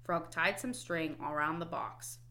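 A woman reading children's stories aloud in a slow, expressive, clearly paced way. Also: sits low. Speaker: storybook reader. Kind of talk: children's story read-aloud.

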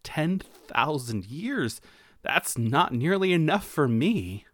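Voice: mid-range voice, big pitch swings, takes it slowly, no echo, exaggerated voice. A storyteller voicing a shy, thoughtful young male mouse in a children's storybook. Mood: earnest. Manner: gentle, earnest.

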